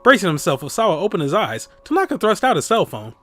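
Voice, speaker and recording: A man hosting a let's play, reading the game text aloud in an amused, playful way. His voice sits a little high and moves up and down freely as he chats. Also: sing-song, fast, hardly any pauses, fairly bright tone.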